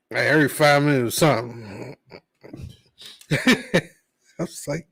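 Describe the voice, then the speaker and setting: A man's voice: mid-range voice, lively intonation, slow pace, long pauses, a bit bright, no echo, poor audio. Laid-back man on a dry mic. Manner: laid-back storytelling, quoting himself under his breath. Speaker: podcast co-host. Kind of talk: casual podcast chat.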